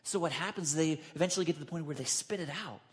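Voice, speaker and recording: A man delivers a sermon in a somewhat high voice. He dramatizes the voices in his story, leaping up in pitch and volume, then drops back to a quieter, lower tone to explain. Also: racing. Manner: dramatic, acts out quotes with big pitch jumps. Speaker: pastor.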